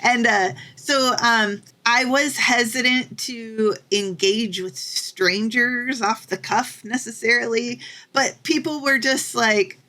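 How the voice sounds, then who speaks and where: Woman, young, podcast co-host, chatty, bright clear tone. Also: a little high, slow pace. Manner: chatty, many fillers, animated when quoting people. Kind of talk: casual chat.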